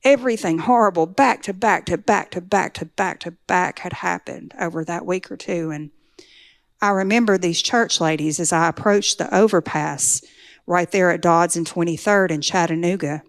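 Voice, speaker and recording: This is a recovery testimony from a middle-aged woman whose voice is fairly low and moderately paced. She tells her story earnestly, rising toward a pleading intensity.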